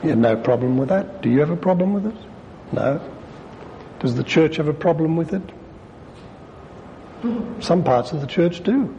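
A man, a priest giving a conversational sermon with wry asides, reading quotations aloud and rising in pitch for emphasis. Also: expressive, normal speed, long pauses, mellow, lo-fi sound. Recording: long hall reverb, faint low rumble.

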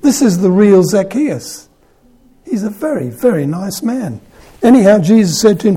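Older aussie priest, husky voice, chatty jokey sermon, acts out the quotes, kinda mellow tone. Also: male voice, high voice, very animated, normal speed. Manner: chatty and humorous, acts out quoted lines with rising emphasis. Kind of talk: informal sermon on the Gospel.

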